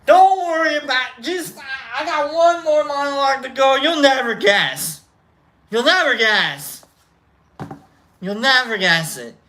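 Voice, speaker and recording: A man's voice: very high voice, expressive, a little slow, sharp tone, a little hiss or hum. A man hosting a casual livestream, chatting in a rambling, self-correcting way. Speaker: livestream host.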